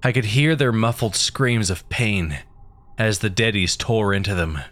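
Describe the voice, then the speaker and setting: A man reads a first-person horror tale aloud with a fairly low voice. His telling stays steady and grim throughout, letting the gore land without fuss. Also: a little slow. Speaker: narrator.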